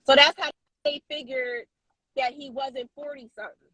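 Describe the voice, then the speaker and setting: A woman co-hosting a casual podcast, telling a story in an animated way with lots of fillers and restarts. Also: high voice, moderate pace, no room sound, rough recording. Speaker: co-host.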